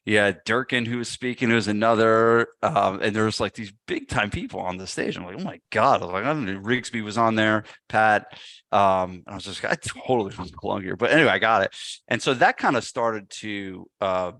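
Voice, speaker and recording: A man with a deep, low voice tells a story in a loose, chatty way. He livens it up by acting out other people's lines. The sound is close and dry, with no room around it. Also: brisk, no echo. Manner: animated, acts out quotes. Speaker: podcast guest, gym owner. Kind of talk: casual storytelling.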